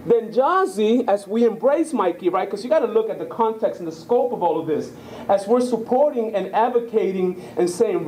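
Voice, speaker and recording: A man's voice: high-pitched, expressive, normal speed, a little mellow, echoey room, far from the mic, a little hiss or hum, low-quality recording. A man in his thirties from Puerto Rico gives a public talk, telling stories and often checking in with "right?". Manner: conversational storyteller, keeps asking "right?". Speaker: guest speaker. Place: lecture room.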